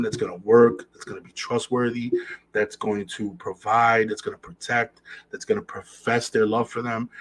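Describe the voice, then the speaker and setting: A man's voice: medium pitch, a little hiss or hum, poor audio. A man hosting a podcast, talking earnestly in a casual monologue and repeating phrases for emphasis. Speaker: podcast host.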